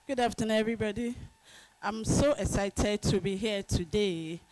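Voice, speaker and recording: Mom sharing a candid testimony at a summit mic, a bit self-critical. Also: female voice, mid-range voice, normal speed, a little mellow, low-quality recording. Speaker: parent speaking at a summit. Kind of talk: audience testimony.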